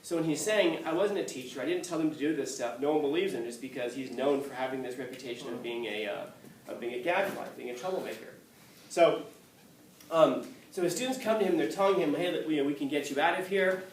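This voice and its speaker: A man lectures a class in a fairly high, slightly fast voice, with a little hiss or hum on the recording. He tells animated anecdotes, acts out quotes and laughs often, heard from a distance in an echoey room.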